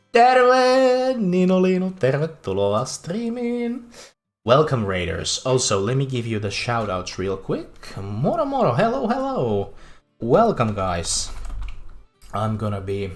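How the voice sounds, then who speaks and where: A game streamer with a Finnish accent, casually chatting with viewers, excitable and laughing often. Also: mid-range voice. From Finland. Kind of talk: casual livestream game commentary.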